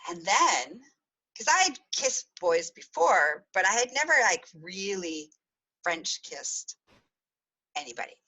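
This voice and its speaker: This woman hosts a podcast and tells a confessional story in a loose, rambling way, laughing between thoughts. Her voice is bright, with a lively, swinging pitch. She talks casually, with plenty of fillers and restarts. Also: slow, husky, poor audio. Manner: chatty, giggly storytelling with frequent laughs. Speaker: podcast host.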